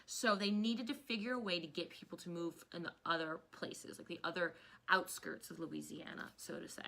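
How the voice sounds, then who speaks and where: A woman in her thirties teaching a history lesson in a chatty, casual way, often veering off into animated personal rants. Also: fairly low pitch, moderate pace, gravelly. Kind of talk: casual recorded history lecture.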